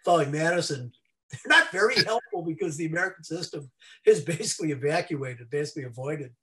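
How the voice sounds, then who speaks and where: A man's voice: a little high, fast, sharp tone. A man speaking as an invited scholar in a seminar discussion over a video call, rambling through asides and restarting his sentences.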